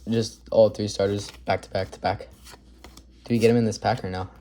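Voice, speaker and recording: A man's voice: fairly low pitch, fairly even intonation, fairly quick, warm tone, slight background noise. A man hosting a casual card-opening video, upbeat and chatty, rattling off card names as he goes. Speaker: card collector video host. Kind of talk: casual pack-opening commentary.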